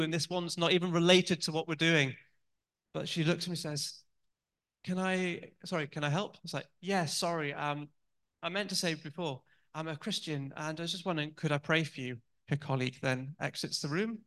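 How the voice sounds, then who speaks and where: A man's voice: on the high side, pushed and bright. A man in his thirties giving a sermon, telling personal stories in a chatty, candid way with many ums and restarts. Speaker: church speaker.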